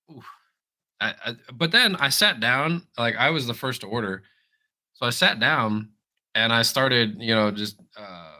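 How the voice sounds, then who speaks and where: Man, very bright voice, casual podcast chat, animated storyteller, swears freely. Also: mid-range voice. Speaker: podcast co-host.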